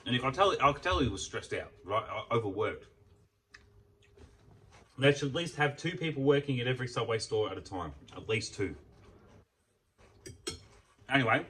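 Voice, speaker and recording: A man's voice: mid-range voice, expressive, moderate pace, long pauses, fairly bright tone, recorded from a distance, a little hiss or hum, poor audio. A man chatting casually about food as he eats, rambling and swearing freely. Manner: rambling, swears freely, talks while eating. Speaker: food vlogger. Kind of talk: casual mealtime chat.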